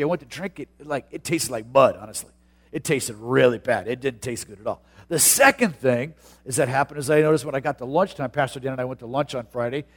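A pastor preaching a sermon, moving from a chatty, personal tone into loud, drawn-out emphasis. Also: male voice, medium pitch.

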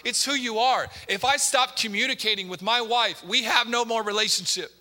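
A man's voice: very high-pitched, moderate pace, sharp tone. A male pastor preaching a sermon to his congregation, emphatic and repetitive, often putting direct questions to the listeners. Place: church sanctuary. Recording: long hall reverb in a church.

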